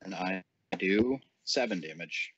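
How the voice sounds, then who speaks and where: A man at a tabletop game gives short, offhand replies in casual table talk. His voice is lowish and bright, and the recording is dull, lo-fi and dry. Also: lively intonation, measured pace, breathy edge, no room sound. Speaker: player.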